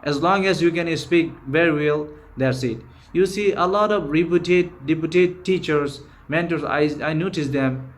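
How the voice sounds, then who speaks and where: A man's voice: on the high side, a little slow. A man with a Bangladeshi accent, a native Bengali speaker, gives an earnest, informal spoken-English lesson, often restarting and repeating himself. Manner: earnest, repetitive, frequent restarts. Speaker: English teacher.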